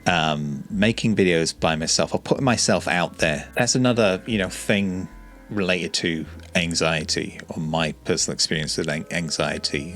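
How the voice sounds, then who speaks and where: Shy YouTuber, male, low pitch, monotone and mellow, frequent stutters. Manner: calm, relaxed, soft-spoken; stutters and restarts often. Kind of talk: reflective talking-to-camera vlog.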